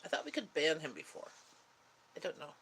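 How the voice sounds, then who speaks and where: A woman's voice: deep voice, a little hiss or hum. Tired, rambling woman. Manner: rambling, relaxed, chatty with pauses. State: tired and yawning. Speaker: livestream host chatting with viewers. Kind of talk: casual live-stream chat.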